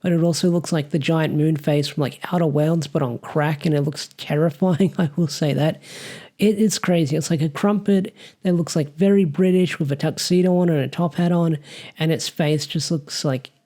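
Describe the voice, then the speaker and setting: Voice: mid-range voice, fairly even intonation, normal speed, mellow. A reviewer with an Australian accent, talking through a story in a casual, rambling way with many fillers. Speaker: comic reviewer.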